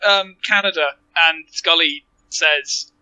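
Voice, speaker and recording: A man playing a tabletop game, joking and self-deprecating, with animated asides to the table. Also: a little high, slow pace, clear, resonant tone, highs cut off. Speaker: player. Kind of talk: casual tabletop play.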